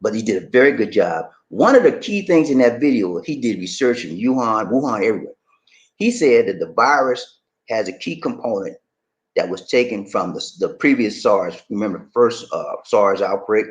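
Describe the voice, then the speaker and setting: Chatty New man with a lively voice. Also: lowish voice, normal speed. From New York. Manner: loose and chatty, repeats phrases, chuckles often. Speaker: livestream host. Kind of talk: casual livestream chat reading viewer comments.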